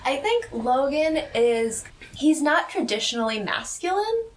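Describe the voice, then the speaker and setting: A woman's voice: high-pitched, very animated, unhurried, recorded from a distance. Analytical woman podcast co-host. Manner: matter-of-fact, analytical. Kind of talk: casual chat recapping a TV episode.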